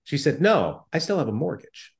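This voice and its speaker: A man's voice: on the high side, big pitch swings, normal speed, gravelly. Male doctor, plain-spoken and emphatic in interview. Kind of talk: explanatory interview talk.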